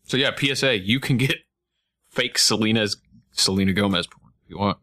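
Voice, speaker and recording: A man hosting a casual podcast, talking in a bright, forceful voice that sits a little low. He rambles and jokes between topics, with sarcastic asides. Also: a little fast. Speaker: podcast host.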